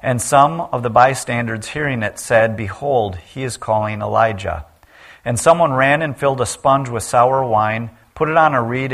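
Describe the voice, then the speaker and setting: A man preaching a sermon and reading scripture aloud. He gets loud at the cries and drops low and quiet on the key lines.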